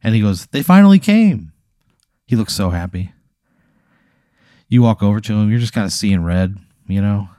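A man with a lowish voice tells an absurd story in a deadpan, ever-escalating way. The sound is dry and close, with no room to it. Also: normal speed, pauses often, no echo. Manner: deadpan, escalating absurd narration with acted-out quotes. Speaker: podcast host. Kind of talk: improvised comedic storytelling.

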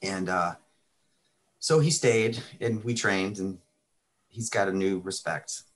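A man's voice: sits low, slow pace. A middle-aged man who owns a martial arts school, casually telling stories in an interview, laid-back and chatty. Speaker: martial arts school owner, podcast guest.

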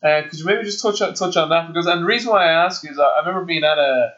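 A man's voice: fairly high pitch, fast talker, a bit bright, dull audio. A man from Ireland hosting a podcast, asking long questions with hesitant restarts. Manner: hesitant, repeats words when asking questions. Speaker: podcast host. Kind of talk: podcast interview.

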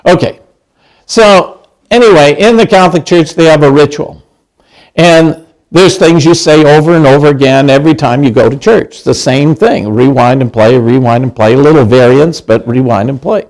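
A middle-aged man preaches in a loose, chatty way, often stopping to ask his listeners a question. His voice sits a little higher than most men's. He restarts phrases often, as if talking with friends. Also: moderate pace, a little mellow, low-quality recording. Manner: chatty, asks the congregation questions, many restarts. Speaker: pastor. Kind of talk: conversational sermon.

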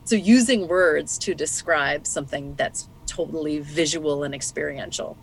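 A woman's voice: low voice, normal speed, creaky, a little hiss or hum. A woman co-hosting a podcast, talking through a nonfiction book in a thoughtful, explanatory way and laughing easily. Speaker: podcast co-host. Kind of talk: casual book discussion.

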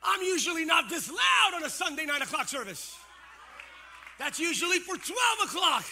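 High, forceful shouting preacher man. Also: very animated, moderate pace, creaky. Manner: shouting preacher, swinging from loud to hushed. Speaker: pastor. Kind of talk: sermon. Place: church auditorium.

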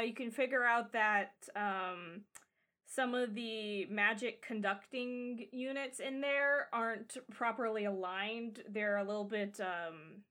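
High, slow-paced woman running a tabletop game. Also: bright, forceful tone. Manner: rambling, filler-heavy narration. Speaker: game master.

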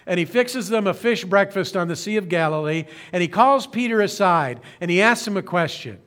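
High-voiced male pastor preaching earnestly. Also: lively intonation, a bit bright. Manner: earnest preaching with slow emphatic phrasing and occasional restarts. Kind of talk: sermon. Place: church streaming service.

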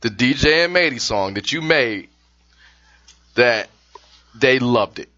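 A man's voice: mid-range voice, expressive, takes it slowly, pushed and bright, muffled recording. A man co-hosting a podcast, telling stories in a casual chat. He swears freely and acts out the people in his stories. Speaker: podcast co-host.

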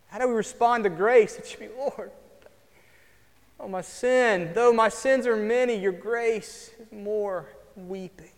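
A man delivers an earnest sermon in a fairly high voice. He drops to a hush and then swells into emphatic lines. The sound carries the long reverb of a large sanctuary. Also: measured pace. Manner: earnest, swings from hushed to emphatic. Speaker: pastor.

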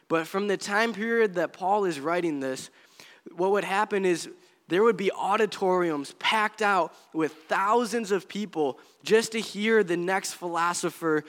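Guy preaching a sermon, kinda high voice, earnest and chatty, big echoey hall. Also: a bit bright. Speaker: pastor. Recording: long hall reverb.

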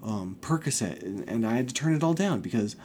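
A man's voice: medium pitch, lively intonation, a little fast, darkish tone, a little hiss or hum. A man hosting a personal podcast, talking in a rambling, emotional way with frequent swearing while he recovers from illness. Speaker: podcast host. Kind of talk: casual personal monologue.

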